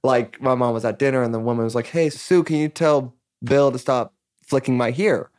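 Man, musician guest, rapid rambling storytelling, lots of fillers, mid-pitched. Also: fairly even intonation, darkish tone, no echo, studio quality. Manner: rambling, filler-heavy, acts out quoted dialogue. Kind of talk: casual storytelling interview.

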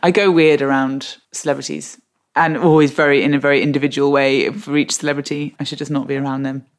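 A woman guest telling a comic anecdote in a lively, self-mocking way, often laughing. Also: rumbling low, quick pace. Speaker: podcast guest.

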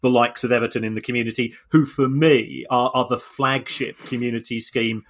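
A man talking through an explanation in a casual podcast chat, with a mid-range voice that is neither high nor low. He often restarts his sentences and repeats words as he works through his points. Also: fairly even intonation, brisk. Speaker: podcast co-host.

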